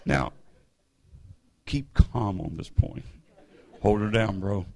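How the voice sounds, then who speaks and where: A man's voice: lowish voice, lively intonation, slow, vocal fry, long pauses, darkish tone. A man preaching and retelling a story playfully, calling on the congregation to repeat after him. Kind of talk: sermon storytelling.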